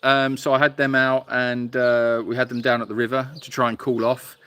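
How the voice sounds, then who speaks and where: A man's voice: mid-range voice, little pitch movement, fairly bright tone, clear, resonant tone, dry recording. Tired man chatting on a live stream. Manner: rambling, halting with many fillers. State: tired and hot. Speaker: animal sanctuary host. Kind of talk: casual live-stream chat reading viewer comments. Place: outdoors at an animal sanctuary. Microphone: phone held for a live stream.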